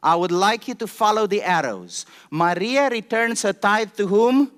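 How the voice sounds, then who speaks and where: Male pastor, high and lively voice, passionate sermon delivery with call-outs to the congregation. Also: moderate pace. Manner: passionate, animated preaching with questions to the congregation.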